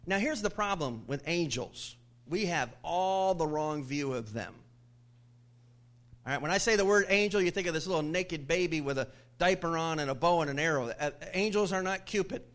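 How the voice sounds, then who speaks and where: Animated, high-voiced male pastor. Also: normal speed. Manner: animated storytelling with jokes and laughs. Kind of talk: sermon. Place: church.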